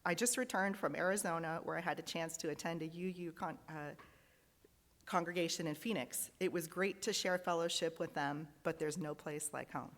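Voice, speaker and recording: A woman's voice: deep voice, normal speed, a bit bright, in a large hall. A woman leading a congregation service, reading out joys and sorrows in an earnest, heartfelt way. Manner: earnest, reading aloud, emotional at times. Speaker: lay worship leader. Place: large fellowship hall.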